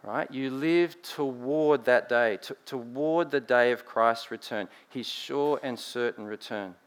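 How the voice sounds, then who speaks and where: Aussie guy preaching, mid pitch, keeps going "right?", loud then soft. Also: unhurried. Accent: Australian. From Australia. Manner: lively, rhetorical "right?" asides, swings from loud emphasis to quiet. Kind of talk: sermon.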